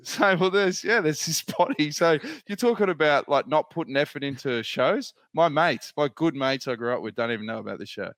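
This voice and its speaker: Aussie guy on a podcast, chatty and blunt, bit higher voice, dry close sound. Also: brisk, hardly any pauses, no echo. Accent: Australian. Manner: animated storyteller, slangy and blunt. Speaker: podcast co-host. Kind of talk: casual chat.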